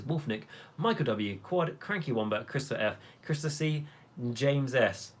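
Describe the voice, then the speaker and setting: A young man hosting a hobby live stream, chatting casually and rambling with many fillers while he reads the chat. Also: medium pitch.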